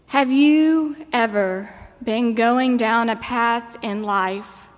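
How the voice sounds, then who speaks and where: A woman preacher delivering a sermon in a measured, storytelling manner. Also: fairly high pitch. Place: church. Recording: long church reverb.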